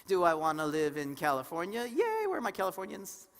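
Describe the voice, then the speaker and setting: A woman co-presenting a live seminar, animated and engaging the audience with questions and acted-out stories. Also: low voice, fast, creaky, very noisy. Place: conference hall before an audience. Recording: reverberant hall sound.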